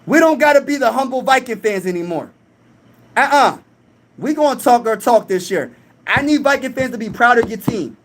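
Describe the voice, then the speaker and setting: A man's voice: very high voice, animated, moderate pace, fairly bright tone. A young man hosting a live stream in casual chat, reading comments aloud and talking boastfully.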